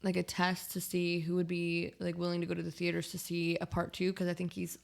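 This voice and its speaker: Low-voiced woman chatting on a podcast. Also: completely flat delivery, brisk, creaky. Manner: hesitant, many fillers and restarts, soft-spoken. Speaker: podcast co-host. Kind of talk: casual chat.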